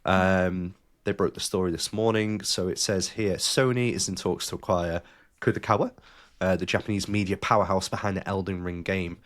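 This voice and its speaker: Joking lower-voiced male podcast host. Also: steady tone, moderate pace. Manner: jokey, reads news aloud with asides. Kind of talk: casual chat.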